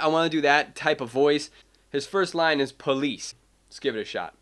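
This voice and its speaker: A man's voice: fairly high pitch, normal speed, a bit bright. A man, an independent animator, talking casually and explaining his process into a cheap desk microphone at home. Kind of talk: casual vlog talk.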